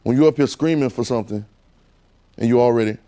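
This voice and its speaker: A man's voice: medium pitch, fast talker, warm tone. A man with a Southern US accent preaching a sermon in a casual, coaxing call-and-response style.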